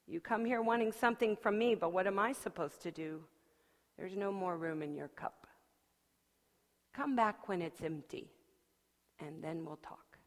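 A gentle, unhurried old sage , as a woman puts him on, speaking quietly and evenly. The voice lingers in a long hall reverb. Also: on the low side. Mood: calm. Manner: soft, calm and unhurried. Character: kind, calm old man, a wise teacher.

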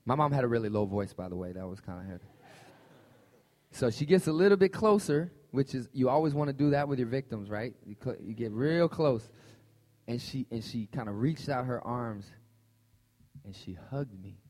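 A man preaching a conversational, animated sermon and telling a personal story to his congregation. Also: mid-range voice, normal speed. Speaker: pastor. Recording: long hall reverb.

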